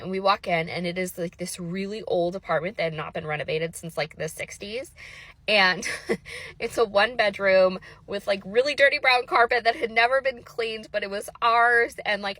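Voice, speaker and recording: A woman in her thirties recounts her own experience in a casual, heartfelt way, acting out the voices of others and filling pauses with "like." Her voice is bright and forward, and the recording is dry and close with no room sound. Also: mid-range voice, no echo. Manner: fast, emotional retelling with lots of quoted dialogue and "like" fillers. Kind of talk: casual personal storytelling.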